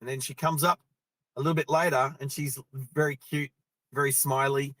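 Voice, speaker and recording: An Australian man chats away while driving down the road, telling a casual story in a medium-pitched, slightly bright voice that stays fairly flat at a moderate pace. He laughs easily and uses lots of fillers, and the recording is dry, made inside his car for his driving vlog.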